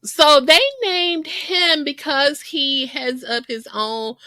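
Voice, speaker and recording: A woman co-hosting a podcast in casual chat, talkative and quick to laugh. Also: high-pitched, animated, bright, forceful tone, dry recording. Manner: chatty, laughs often, quick asides. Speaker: podcast co-host.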